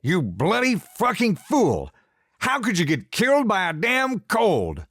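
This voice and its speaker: A man voicing a furious, grieving father who shouts in raw desperation in a storybook reading. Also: mid-range voice, big pitch swings, measured pace, husky, no room sound, heavily acted. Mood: enraged.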